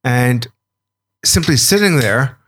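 Brief: man, mid-pitch, podcast co-host, reactive banter, quick interjections. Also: expressive, a bit bright, a little hiss or hum. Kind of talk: casual chat.

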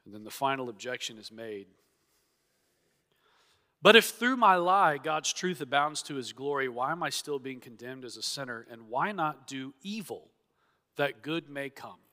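A man's voice: medium pitch, lively intonation, moderate pace, pushed and bright. A man preaching an expository sermon, earnest and emphatic, acting out the objections he quotes. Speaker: pastor. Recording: long reverb of a church hall.

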